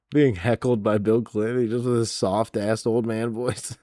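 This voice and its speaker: A man's voice: lowish voice, dark tone, no room sound, clean studio sound. A man hosting a podcast, recapping in a casual, mocking, profane, rambling way. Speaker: podcast host. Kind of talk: casual comedic wrestling recap.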